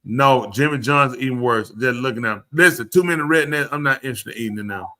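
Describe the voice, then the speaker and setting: A man hosting a live show, telling stories in an animated way and acting out the people he quotes. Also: medium pitch, quick pace. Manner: animated storyteller, acts out quotes. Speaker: host. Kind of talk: casual chat.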